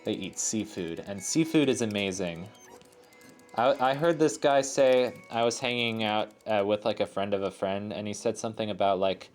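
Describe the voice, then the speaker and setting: Low-voiced rambling gameplay commentator. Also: male voice, moderate pace, soft background music. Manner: rambling, lots of filler words, chatty asides. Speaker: let's play host.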